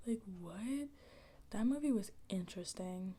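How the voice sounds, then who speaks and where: Young girl doing soft spoken asmr, mellow voice, half whispering, rambly and slangy. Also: medium pitch, moderate pace. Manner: casual slangy storytelling, drifting between soft voice and whisper. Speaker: ASMR creator.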